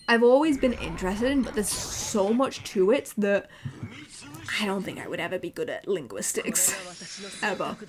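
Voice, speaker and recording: A woman's voice: fairly high pitch, slight background noise. A woman from northern England who streams as a VTuber, with a mixed British and American accent, chatting casually and rambling while she plays a game. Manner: chatty, rambling, easily excited.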